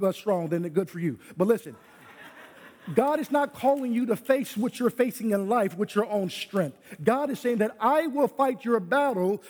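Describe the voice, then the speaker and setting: A man preaching a sermon as pastor, his voice pitched high for a man and often rising to a yell. He leans on repetition, circling back with "listen" to press each point. The sound rings out with long reverb, as in a large hall. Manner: preaching with loud yelling bursts, repeats "listen". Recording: echoey hall.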